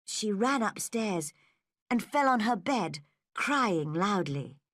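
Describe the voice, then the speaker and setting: Slow, expressive woman narrator. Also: mid-range voice, dry recording, studio quality. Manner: careful, expressive storytelling. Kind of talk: slow, clear audiobook narration for learners.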